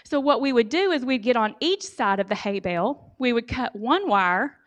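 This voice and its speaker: A woman giving a storytelling sermon, animated and humorous, speaking directly to her audience. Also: on the high side, normal speed, lo-fi sound. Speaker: speaker giving a church talk.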